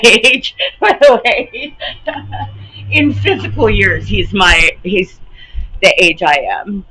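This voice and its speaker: A woman in her late fifties venting to her camera in a casual, animated rant, swearing and laughing often. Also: a little high, takes it slowly. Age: 50s. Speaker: vlogger. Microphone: camera mic. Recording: slightly muffled with faint background hiss.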